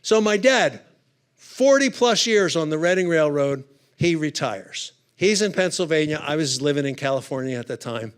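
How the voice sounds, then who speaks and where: This man's voice sits a little high and sounds smooth, moving at normal speed with lively intonation. He's at a conference giving a humorous storytelling talk, keeping it conversational and tossing in punchy asides.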